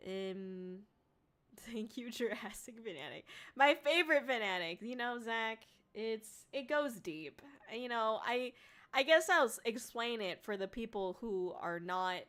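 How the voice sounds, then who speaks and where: A young woman streaming, chatting casually with her viewers, laughing often and breaking into squealing shouts. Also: on the high side, expressive, moderate pace. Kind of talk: casual livestream chat. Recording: faint music behind.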